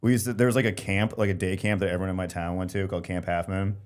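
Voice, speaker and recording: A man, a comedian guest, joking quickly and cutting in with reactions during casual podcast banter. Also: low voice, little pitch movement.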